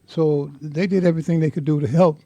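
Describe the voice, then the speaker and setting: An older man telling a heartfelt story in an interview, speaking with impassioned, halting repetition. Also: on the high side, steady tone, warm tone, no room sound, lo-fi sound. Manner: impassioned, halting, repeats words. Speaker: interviewee, veteran.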